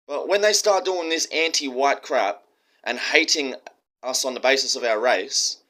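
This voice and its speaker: A man's voice: mid-range voice, moderate pace, sharp tone. A man with an Australian accent delivering a heated, profane monologue with strong emphasis. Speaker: commentator.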